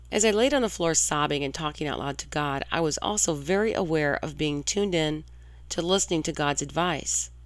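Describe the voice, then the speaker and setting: A woman's voice: sits low, no room sound. Emphatic woman in her forties hosting radio. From St. Louis, Missouri. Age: 40s. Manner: chatty, confiding, emphatic. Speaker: internet radio host. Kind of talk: scripted monologue.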